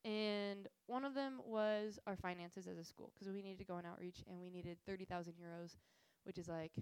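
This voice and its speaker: A woman's voice: medium pitch, moderate pace, clear, resonant tone, no room sound, low-quality recording. A young woman giving a casual, earnest faith talk to a group, telling stories with lots of fillers. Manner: earnest, animated storytelling with frequent fillers. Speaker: missions speaker.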